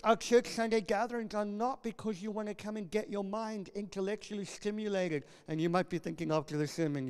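Man, pastor, high-pitched, impassioned preaching, loud scripture proclamations, long hall reverb. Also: fairly even intonation, a little fast, hardly any pauses, clean tone. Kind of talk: sermon. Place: church hall.

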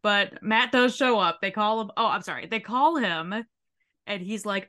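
Bright-voiced woman recapping with profanity. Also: medium pitch, moderate pace. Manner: animated, profane storytelling with acted-out quotes. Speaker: podcast co-host recapping a reality show. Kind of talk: casual chat.

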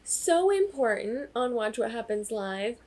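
A woman co-hosts a podcast, chatting casually. Her voice sits a little high, and she tells stories with lively energy, acting out what people said. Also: measured pace. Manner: animated storytelling, acting out quotes. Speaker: podcast co-host. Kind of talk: casual chat.

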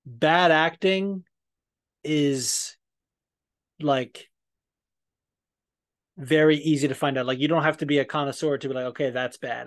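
A man's voice: mid-range voice, fairly bright tone. A man hosting a podcast in casual chat, rambling and profane, with lots of fillers and restarts. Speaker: podcast host.

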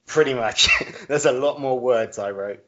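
A podcast co-host with a mid-range voice chats casually at a slightly slow pace, joking and laughing at his own jokes. A crowd can be heard behind him, and the audio is roomy and dull.

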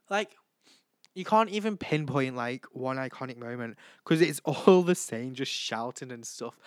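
Young male host, casual solo chat, mid-pitched voice, giggly and apologetic, dry close sound. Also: fairly bright tone, no echo. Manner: chatty, giggly, keeps saying sorry. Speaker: podcast host. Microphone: home microphone.

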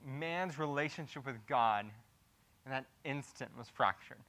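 A man preaching a sermon verse by verse, dropping to a hushed, grave tone and then rising to loud, animated emphasis, with frequent restarts and repeated words as he improvises. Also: medium pitch, a little slow, rough recording. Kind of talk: expository sermon.

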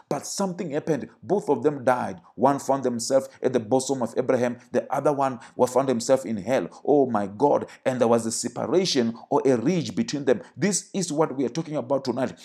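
A man's voice: mid-range voice, warm tone, breathy edge. A man preaching a fervent sermon, repeating phrases and calling out to the congregation. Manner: fervent, repetitive calls to the congregation.

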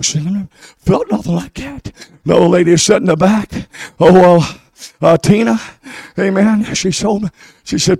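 A male pastor, preaching a Pentecostal sermon in shouted, rhythmic repeated phrases with whoops, then praying. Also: sits high, moderate pace, creaky, dry recording.

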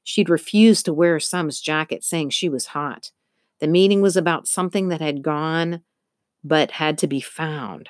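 A woman narrating a children's story in an expressive, measured way. Her voice is low-pitched, and the recording is dry and close. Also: no echo. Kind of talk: audiobook narration.

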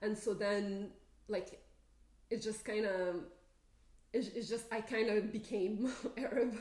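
A young woman on a casual podcast tells a story with animated energy, playing out the voices of the people in it. Her voice is mid-pitched and sits in a roomy, echoing space. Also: slow pace. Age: young adult. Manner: animated storytelling, acts out quoted people with laughter. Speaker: podcast co-host. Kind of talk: casual chat. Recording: roomy echo.

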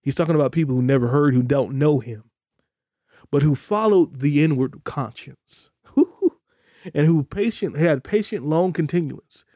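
A man delivering a podcast sermon in a warm, mellow voice, a little high for a man. He preaches emphatically and drags out key phrases when he stresses scripture. The recording is dry and close, with no room sound. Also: lively intonation, measured pace, no room sound. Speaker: pastor.

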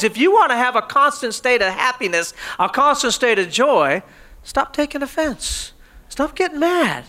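Male pastor preaching; animated storyteller with a very high, bright voice. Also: normal speed. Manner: animated storytelling, often laughing. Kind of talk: sermon.

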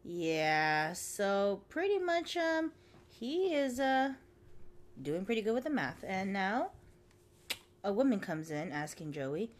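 A woman's voice: medium pitch, sing-song, a little slow. A woman hosting a podcast, chatting casually through an episode recap and acting out the characters' lines. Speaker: podcast host.

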